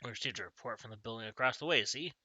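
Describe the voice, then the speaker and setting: A man voicing a brash male police detective in a put-on Southern US accent, gruff and blustering, over game music. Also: medium pitch, rapid-fire, very noisy, close to an everyday voice.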